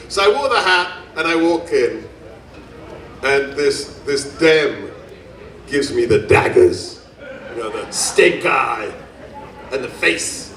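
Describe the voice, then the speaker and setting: A man's voice: fairly high pitch, lively intonation, slow pace, fairly bright tone. A man giving a rally speech at a festival, telling stories in an emphatic way and repeating phrases for effect. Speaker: speaker at a gun rights festival. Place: outdoor festival stage. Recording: echoey, distant PA sound.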